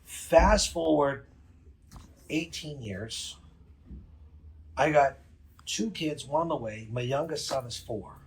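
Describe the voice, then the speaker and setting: Gravelly, profane New man. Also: medium pitch. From New England. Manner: profane, rapid, emphatic storytelling. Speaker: podcast guest. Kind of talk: casual storytelling.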